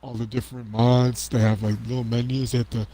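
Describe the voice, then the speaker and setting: A man's voice: medium pitch, little pitch movement, a little fast, dark tone, slight background noise, poor audio. A man chatting casually as a guest, rambling on with lots of fillers and restarts. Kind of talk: casual chat.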